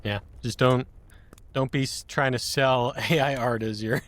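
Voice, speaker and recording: A man's voice: mid-range voice, fairly even intonation, measured pace, a bit bright. A man hosting a casual podcast chat who jokes and laughs as he talks. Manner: chatty and joking, laughs mid-sentence. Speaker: podcast host.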